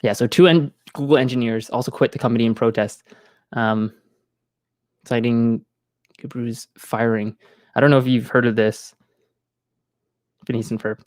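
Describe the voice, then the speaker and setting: A man's voice: medium pitch, steady tone, moderate pace, long pauses, darkish tone, dry recording. A man streaming from home, chatting casually into a close mic, rambling with many fillers and restarts. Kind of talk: casual live-stream chat.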